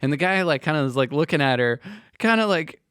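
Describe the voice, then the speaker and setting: A man's voice: fairly high pitch, animated, fairly quick, fairly bright tone, clear, resonant tone. Man, podcast co-host, casual chat, chatty storyteller, many fillers.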